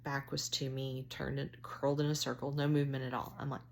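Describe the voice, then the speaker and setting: A middle-aged woman, chatting to camera as she tells a story on herself, with drawn-out, self-mocking phrasing. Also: very deep voice, flat delivery, creaky, background noise. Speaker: vlogger.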